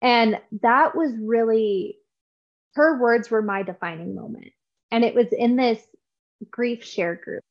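Woman, interview guest, fairly high voice, earnest and heartfelt, muffled lo-fi audio. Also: takes it slowly. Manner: earnest and heartfelt, with frequent restarts. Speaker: podcast guest. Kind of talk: conversational interview.

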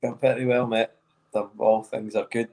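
A man's voice: mid-range voice, little pitch movement, moderate pace, darkish tone, poor audio. A man with a Scottish accent, a former footballer co-hosting a podcast, chatting in laid-back banter. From Scotland. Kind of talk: casual chat.

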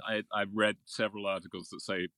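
A middle-aged man from England talks about his voiceover work in a low, easy voice. He is self-deprecating, laughs often and fills pauses with ums. The sound is dry and close, with no room around it. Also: level tone, sharp tone, no echo. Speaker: voiceover artist, guest. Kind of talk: casual interview talk.

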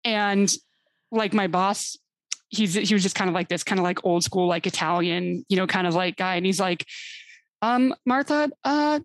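A woman's voice: fairly low pitch, little pitch movement, moderate pace, dry recording. A woman guest on an interview show, a divorce recovery coach telling a story in a rambling, casual way with blunt swearing. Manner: rambling, profane, acts out quotes of others.

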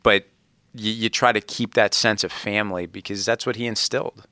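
Bright, smooth-voiced man in his thirties. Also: on the low side, fairly even intonation, normal speed, no echo. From Ohio, USA. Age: 30s. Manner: earnest, reflective, frequent "you know". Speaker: sports team executive, guest. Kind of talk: conversational interview.

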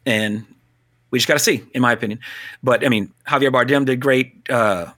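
A man co-hosting a casual film talk, blunt and animated, swearing now and then. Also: mid-range voice, moderate pace. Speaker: podcast co-host.

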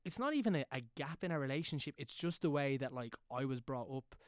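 A man's voice: medium pitch, expressive, fast talker, clean tone, no echo, clean studio sound. A man hosting a casual chat, speaking hesitantly and thoughtfully with lots of filler words.

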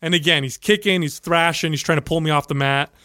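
A man telling a story in casual chat, animated and profane, acting out the voices of the people in it. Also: a little high, fast, no room sound, clean studio sound.

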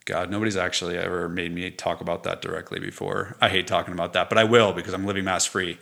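Bright-toned earnest man telling his story. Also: sits low, flat delivery, fast, creaky. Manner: earnest, reflective, laughs while telling stories. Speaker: podcast guest, entrepreneur. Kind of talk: candid conversational interview.

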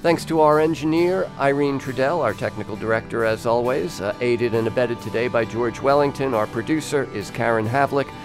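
A man hosting a radio music program. He interviews a band and closes the show in a measured, deliberate announcer's way. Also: mid-range voice. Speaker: radio host. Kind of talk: broadcast interview and sign-off. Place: radio studio. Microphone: studio microphone.

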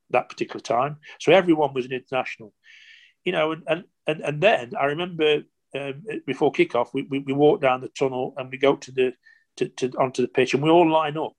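A man in his sixties, a former footballer, telling stories casually in an interview, animated and rambling with lots of "you know" and restarts. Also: mid-range voice. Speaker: former professional footballer, guest.

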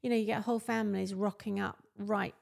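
A chatty woman in her fifties, co-hosting a podcast with her daughter, teasing and laughing as she talks. Her voice has a gravelly edge at a medium pitch. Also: fairly even intonation, a little fast, darkish tone. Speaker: podcast co-host, mother. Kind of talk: casual chat.

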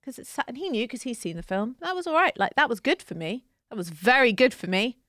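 A woman co-hosting a casual podcast, telling stories in a chatty, animated way with dry humor. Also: fairly high pitch, fast, dry recording. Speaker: podcast co-host. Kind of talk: casual chat.

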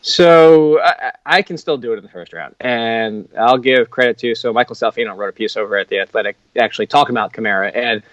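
A man talks fantasy football as a guest on a casual podcast, speaking at a rapid clip. His voice sits at a middle pitch and is recorded dry and close. He is animated and piles up rhetorical questions. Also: no room sound, dull audio. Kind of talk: casual sports podcast chat.

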